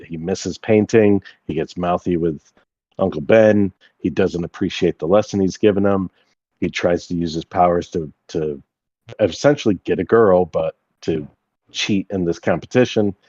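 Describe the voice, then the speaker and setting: Deep-voiced man, thoughtful, dry lo-fi sound. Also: normal speed, mellow, breathy edge, dry recording. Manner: thoughtful, searching for words. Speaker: podcast guest. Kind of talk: casual chat about a film. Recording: dry, dull lo-fi recording.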